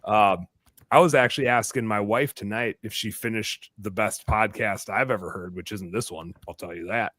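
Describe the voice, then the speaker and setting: A man hosting a live podcast in casual chat, rambling and excitable, dropping the odd swear word. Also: fairly low pitch, normal speed, no echo. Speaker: podcast host.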